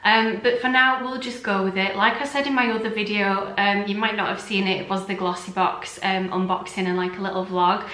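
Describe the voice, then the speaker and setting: A woman's voice: mid-range voice, fairly even intonation, a little fast, few pauses, pushed and bright, echoey room. A woman from the UK chatting casually to camera as a beauty vlogger at home, gushing and filling her talk with ums and likes. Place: room at home.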